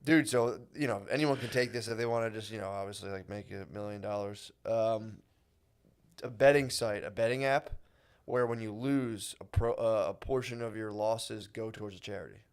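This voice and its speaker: A man's voice: on the low side, normal speed, smooth. Laid-back American guy saying "dude". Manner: laid-back, says "dude" constantly, rambling. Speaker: podcast co-host. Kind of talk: casual comedic chat.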